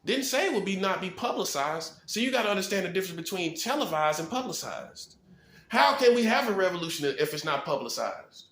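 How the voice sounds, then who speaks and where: High-voiced man preaching in an echoey room. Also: very animated, fairly bright tone. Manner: rhetorical, fast-talking, punctuates points with "boom"; chuckles at his own points. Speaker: self-styled prophet. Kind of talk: preaching monologue to camera. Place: apartment room.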